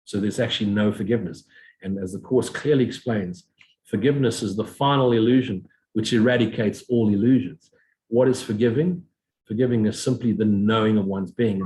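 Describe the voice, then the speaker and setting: Lower-voiced man giving a meditative spiritual talk. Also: a little mellow, slight background noise, rough recording. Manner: slow, meditative repetition of affirmations. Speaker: spiritual teacher.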